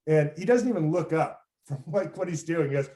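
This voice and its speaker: A man's voice: on the high side, a little fast, dark tone. A man from Los Angeles with a slightly raised voice tells a personal story as a show host, rambling loosely and circling back with fillers. His voice rings with a roomy echo. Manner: rambling, many fillers and restarts.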